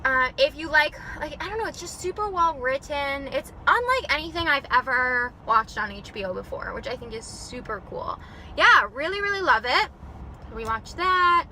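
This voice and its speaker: A woman's voice: high-pitched, big pitch swings, normal speed. A young woman vlogging in a casual, rambling chat, out of breath and filling her talk with "like". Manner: chatty and rambling, many "like" fillers. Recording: loud background noise.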